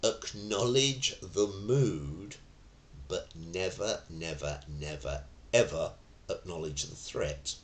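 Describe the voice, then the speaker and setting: Low-voiced man teaching self-defence. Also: slow pace. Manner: conversational, anecdotal, acts out quoted phrases. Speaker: tai chi and self-defence instructor. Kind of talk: spoken lesson. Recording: roomy echo.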